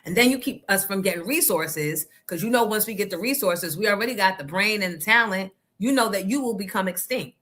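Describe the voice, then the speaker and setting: A woman's voice: mid-range voice, brisk, a bit bright. Outspoken New woman hosting a livestream. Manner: outspoken, talks back to the chat. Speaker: livestream show host. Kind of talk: casual livestream chat.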